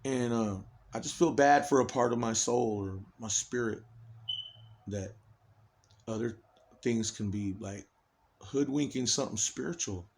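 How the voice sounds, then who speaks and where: A man's voice: medium pitch, unhurried, creaky, pauses often, a little hiss or hum. A man in an agitated, rambling personal monologue, swearing heavily and restarting his sentences often.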